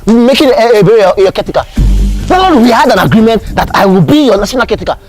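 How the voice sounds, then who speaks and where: A man's voice: high voice, sing-song, quick pace, faint music behind. A man with a Nigerian accent playing a defeated candidate in a comedy skit, stammering and quoting proverbs. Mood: aggrieved. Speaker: losing candidate.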